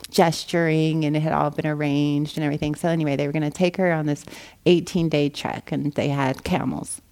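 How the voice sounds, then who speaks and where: Low-voiced woman telling a story. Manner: animated storyteller, acts out quoted voices with rising pitch. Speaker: meditation teacher. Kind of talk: dharma talk storytelling. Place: meditation hall.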